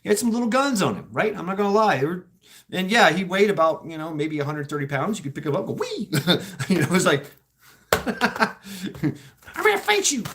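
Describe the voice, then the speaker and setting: Male podcast host, middle-aged, casual and profane storyteller, slightly high voice, bursts into squeaky impressions. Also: fairly quick. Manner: animated, laughing, swearing, acts out quotes in high voices.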